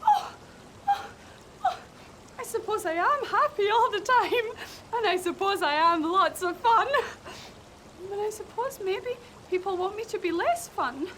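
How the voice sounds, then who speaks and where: A bubbly young presenter who gushes and giggles through every sentence. Her voice sits very high and swoops all over the place. She takes her time, drawing out each exclamation. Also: a bit bright, a little hiss or hum, exaggerated voice. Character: bubbly, endlessly cheerful young woman presenter. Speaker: sketch character. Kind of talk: comic TV sketch acting.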